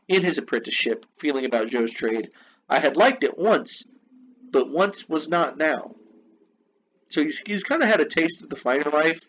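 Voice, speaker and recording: A man's voice: mid-range voice, a bit bright. A man reading lesson notes aloud and explaining them with casual, chatty asides. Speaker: teacher. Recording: dull lo-fi recording with faint noise.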